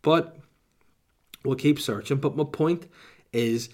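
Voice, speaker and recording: A man's voice: on the high side, slow. A young adult man with a Northern Irish accent, a comedian ranting to camera in a rambling, sweary way full of asides.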